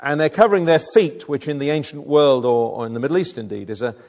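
A man's voice: medium pitch, fast, darkish tone. A man preaching a sermon, explaining a passage in an earnest way, often restarting his sentences. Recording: long reverb of a hall.

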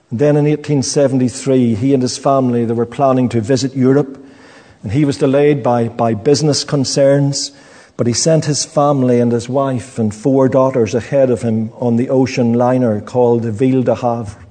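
A man preaching a sermon in a slow, earnest way, often stopping to restart a phrase. His voice is warm and mellow, and his mid-range pitch rings with long reverb in a church hall.

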